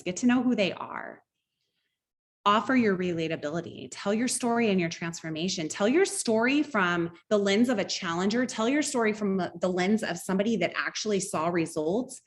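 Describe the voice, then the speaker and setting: Upbeat middle-aged woman team coach, slightly low voice, brisk, story-driven online training delivery. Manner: upbeat, quick, conversational teaching with personal stories.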